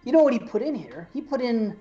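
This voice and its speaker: An excitable male podcast host chats loosely, laughing often and tripping over his restarts. His voice sits fairly high for a man. The audio is a little dull and lo-fi. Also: quick pace, soft background music. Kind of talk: casual chat.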